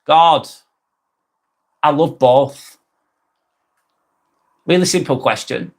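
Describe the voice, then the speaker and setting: A man in his forties hosting a live stream, chatting casually and reading out viewer comments, friendly, rambling and quick to apologise. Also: a little high. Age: 40s. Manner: chatty and friendly, ranting a little, apologising often.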